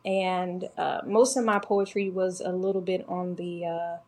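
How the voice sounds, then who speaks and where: A woman's voice: lowish voice, flat delivery, unhurried, darkish tone. Woman, from Georgia, guest author, casual interview, reflective.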